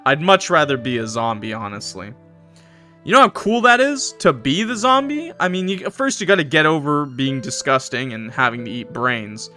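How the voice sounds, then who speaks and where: A man's voice: fairly high pitch, bright, forceful tone. A man streaming a horror visual novel, reading it aloud and breaking off for jokey, chatty asides to his viewers. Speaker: game streamer.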